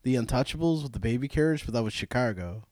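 A man co-hosting a casual podcast chat, joking and laughing often with quick asides. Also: mid-range voice, expressive, a little mellow, dry recording.

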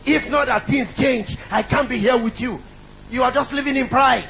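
A man's voice: very high voice, normal speed, a bit bright, a little hiss or hum, poor audio. A middle-aged man preaching a sermon, emphatic and repetitive, calling out to the congregation.

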